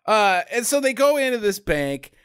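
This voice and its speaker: A man co-hosting a casual podcast, animated and laughing, explaining things at length. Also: high voice, moderate pace, clean tone, no room sound, studio quality. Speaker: podcast co-host. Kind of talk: casual movie-riffing chat.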